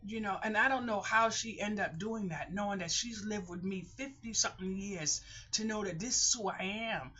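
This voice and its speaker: Older woman vlogger, bright, forceful and emotional, talks in repeating rambles. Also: mid-range voice, normal speed. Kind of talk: casual talking-to-camera vlog. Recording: muffled lo-fi home recording.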